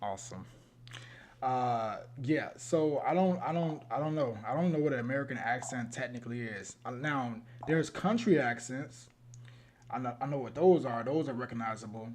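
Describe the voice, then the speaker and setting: A man's voice: mid-range voice, moderate pace, darkish tone, slight background noise. A man from Chicago with a Chicago accent, co-hosting a podcast in casual chat, rambling and laughing with many restarts. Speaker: podcast co-host.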